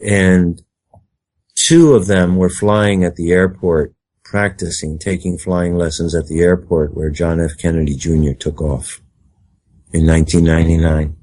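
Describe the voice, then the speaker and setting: Low dark husky man, emphatic talk. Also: steady tone, measured pace. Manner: emphatic, rambling, acts out quoted speech. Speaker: guest. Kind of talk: conspiracy talk interview.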